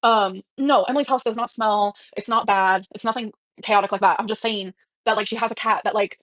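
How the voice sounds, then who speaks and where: A young woman live streaming, talking fast and emotionally, swearing, with lots of fillers and restarts. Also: medium pitch, steady tone, a bit bright, no echo.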